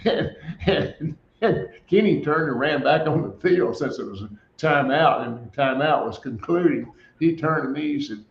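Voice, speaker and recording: A man's voice: on the high side, animated, normal speed, vocal fry. Older male guest, spins stories with frequent chuckles, echoey dull audio. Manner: chuckling storyteller, laughs often. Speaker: guest, former quarterback. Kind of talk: storytelling in a radio interview.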